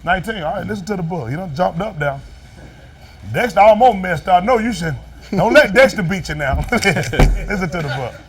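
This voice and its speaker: A man's voice: sits high, animated, normal speed. A man preaching a sermon. He is a folksy, joking pastor who quizzes his congregation and waits for them to call the answers back.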